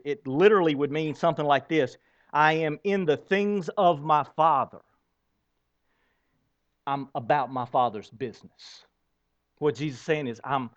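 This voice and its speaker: A man's voice: on the high side, dull audio. A man preaching a sermon as a pastor, speaking straight to the congregation and asking it rhetorical questions.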